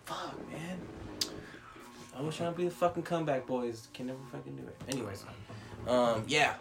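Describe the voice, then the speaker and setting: A young man, telling a story in casual chat, animated and swearing a lot. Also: mid-range voice, fast, gravelly, background noise.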